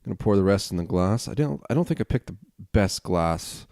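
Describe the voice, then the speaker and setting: A man's voice: deep voice, expressive, fairly quick, a little mellow, no room sound, studio quality. A man hosting a casual solo podcast at home, rambling and chatty as he reviews a beer, with casual swearing. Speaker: podcast host. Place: home, at a desk.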